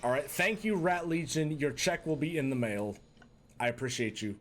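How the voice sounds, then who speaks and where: A man live-streams a video game in a put-on Boston and New York accent, chatting with viewers and tossing out mock-tough asides as he plays. His fairly high voice is a bit bright, with lively intonation and moderate pace. There's slight background noise.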